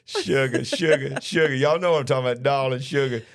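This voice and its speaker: Southern male co-host, folksy and jovial, reading live chat aloud, mid-pitched. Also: fast talker. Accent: Southern American. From Alabama. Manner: folksy, jovial, reads viewer comments aloud. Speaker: co-host of a ministry news show. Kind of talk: casual live-stream chat reading comments.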